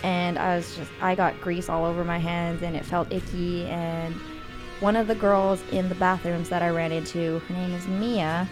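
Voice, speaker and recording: A woman's voice: lowish voice, little pitch movement, normal speed, music in the background. A woman in a casual chat, talking hesitantly and laughing often.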